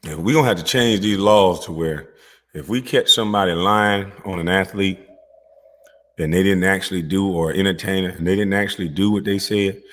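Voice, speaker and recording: A man delivering a mocking, profane comedic commentary rant, with drawn-out hums between jabs. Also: low voice, big-room sound.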